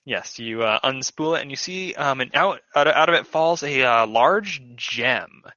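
A man's voice: mid-range voice, expressive, moderate pace, sharp tone, dry recording. A man narrating as game master of a tabletop game, rambling with many fillers and restarts. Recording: dull lo-fi audio.

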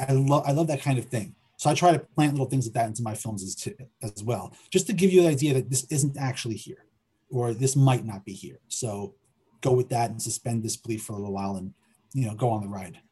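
Man, middle-aged, writer-director, interview chat, dark tone, hesitant restarts. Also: medium pitch, brisk, slightly rough. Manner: hesitant, repeats words while thinking aloud. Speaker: filmmaker and writer guest. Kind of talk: conversational interview.

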